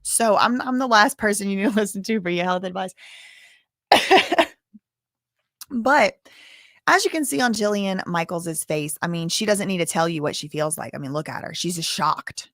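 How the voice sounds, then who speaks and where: A woman's voice: mid-range voice, lively intonation, moderate pace, a bit bright, dry recording, studio quality. A woman in her thirties, a streamer talking casually and self-deprecatingly, rambling with many restarts. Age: 30s. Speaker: commentary streamer. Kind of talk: casual chat.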